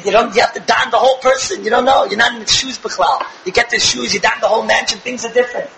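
A young man giving an animated religious lecture to a live audience, firing rhetorical questions with bursts of shouting. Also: very high voice, fast talker, vocal fry, echoey room, background noise. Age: young adult. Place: room with an audience.

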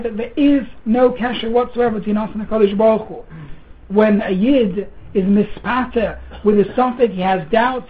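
A man giving an earnest Torah lecture, mixing Hebrew terms into English, often repeating words and clearing his throat. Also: high voice. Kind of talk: sermon. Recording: tinny phone-like sound.

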